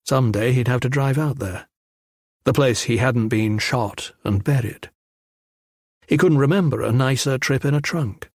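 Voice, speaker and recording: A man's voice: mid-range voice, no echo. Dry, close male audiobook narrator. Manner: measured, even storytelling. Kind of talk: scripted narration.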